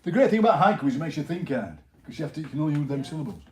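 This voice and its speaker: A man hosting a poetry workshop in a library, jokey and animated, laughing often with the group. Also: fairly high pitch, very fast, slight background noise. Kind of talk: lively workshop banter. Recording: echoey room with crowd chatter. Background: group of people laughing and murmuring.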